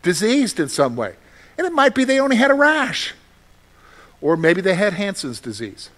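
Man pastor with a high voice, casual conversational sermon, asks the room questions. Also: huge pitch swings, moderate pace, fairly bright tone.

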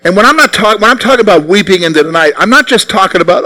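A male preacher delivers a lively sermon in a high-pitched voice. His tone is bright and crisp, and he talks with his listeners, pulling them in with rhetorical questions. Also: rapid-fire, poor audio. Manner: animated, conversational, asks the listeners rhetorical questions.

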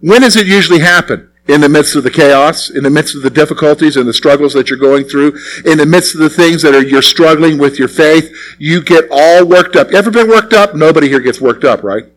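A man's voice: on the high side, fairly quick, low-quality recording. A male pastor preaching a conversational sermon, often asking the congregation questions.

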